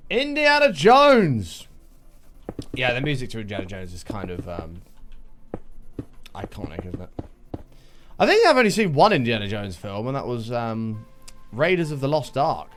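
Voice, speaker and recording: A man's voice: fairly low pitch, sing-song, normal speed, long pauses, faint music behind. A man chatting casually and swearing freely while streaming a video game, talking to his viewers. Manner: chatty, sweary, jokey, talks to chat. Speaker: livestreamer playing a video game. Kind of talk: casual gaming stream chat.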